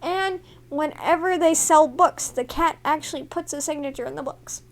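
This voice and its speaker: High-voiced young woman, rambling and playful. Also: moderate pace. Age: young adult. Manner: rambling, playful storytelling with swearing. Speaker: podcast co-host. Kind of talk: casual chat.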